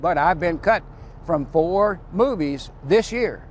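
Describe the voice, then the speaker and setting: An older man from Shreveport, a character actor telling animated stories in an interview. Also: sits high, slow pace, a little hiss or hum. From Shreveport, Louisiana. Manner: animated storytelling, acts out quotes. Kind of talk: interview soundbites.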